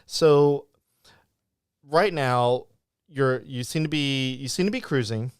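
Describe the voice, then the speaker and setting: A man's voice: medium pitch, slow pace, clean tone, no echo, studio quality. A man hosting a live podcast interview, chatting casually and rambling, with lots of restarts and acted-out quotes. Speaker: podcast host.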